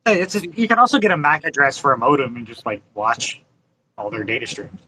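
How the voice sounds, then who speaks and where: Bright-voiced man, halting asides. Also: medium pitch, big pitch swings, a little hiss or hum, low-quality recording. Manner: hesitant, filler-heavy asides. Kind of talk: casual chat.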